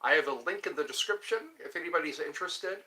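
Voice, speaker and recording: A man hosting a casual livestream, greeting viewers by name and answering their comments in an unhurried, friendly way. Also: on the high side, very noisy. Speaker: livestream host. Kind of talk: casual livestream chat, greeting viewers between flute playing.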